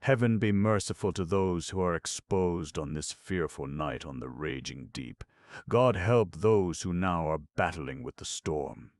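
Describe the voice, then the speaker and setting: Solemn, pious older woman praying, read by a man with a very low, dry voice. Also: expressive, unhurried, a little mellow, no room sound. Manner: solemn, prayerful.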